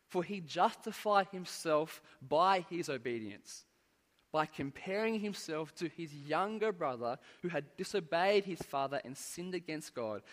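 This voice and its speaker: Man preaching in a reverberant hall. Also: fairly high pitch. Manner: earnest, measured preaching with rising emphasis and falling endings. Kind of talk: sermon.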